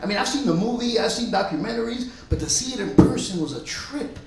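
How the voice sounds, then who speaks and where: High-voiced male stand-up comic. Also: animated, fast talker, heavy background noise. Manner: loud, punchy storytelling, often laughing. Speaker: stand-up comedian. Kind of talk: stand-up set. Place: comedy club stage. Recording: echoey club room.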